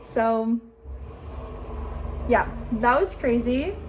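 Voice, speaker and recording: A woman in her late twenties, a vlogger telling a story to the camera in a chatty, excitable way, saying "like" a lot. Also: fairly high pitch, extremely slow, a little hiss or hum. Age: 20s.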